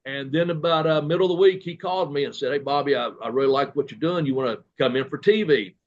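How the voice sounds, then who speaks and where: A man's voice: on the high side, fast talker, muffled recording. A man, a guest telling long, rambling stories full of quoted dialogue and fillers in a casual interview. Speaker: guest, retired professional wrestler.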